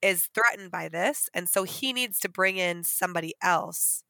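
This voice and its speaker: Bright-voiced woman arguing a point. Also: lowish voice, normal speed, dry recording. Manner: animated, argumentative. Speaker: podcast co-host. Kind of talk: casual book discussion.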